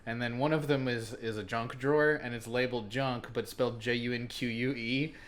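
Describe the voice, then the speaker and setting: A man's voice: mid-range voice, fairly even intonation, a little fast, a bit bright. Rambling, swearing male podcast co-host. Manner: rambling, swears casually, laughs often. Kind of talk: casual chat.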